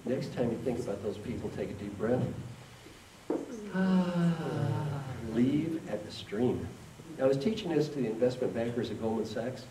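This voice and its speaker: A man's voice: medium pitch, lively intonation, moderate pace, crowd noise. A man giving a motivational keynote talk who leads the audience in call and response. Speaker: keynote speaker. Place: conference hall with an audience. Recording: echoey hall, distant mic, faint noise.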